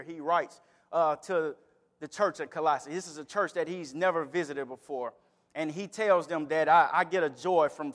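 High-voiced preacher in a reverberant hall. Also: male voice. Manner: builds from calm reading to emphatic, raised delivery. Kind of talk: sermon. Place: church sanctuary.

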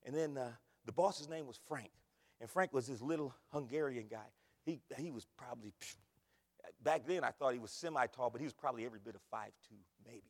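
A man preaching a sermon as pastor, repeating phrases and swinging from loud bursts to quiet asides. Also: medium pitch, fairly quick, long reverb tail. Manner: emphatic, repetitive preaching with big swings in loudness. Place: church.

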